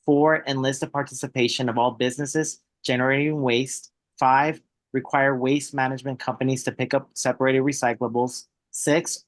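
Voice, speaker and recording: A man reads a resolution aloud to a committee in a measured way. His delivery stays very flat, with little rise or fall, and the sound is dry. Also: medium pitch, no room sound. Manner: measured, even reading. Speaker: committee member.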